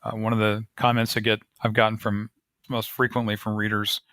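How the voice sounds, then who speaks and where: Bright dry-voiced male author. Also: on the low side, monotone, fairly quick, no room sound. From United States. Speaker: author guest. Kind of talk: podcast interview.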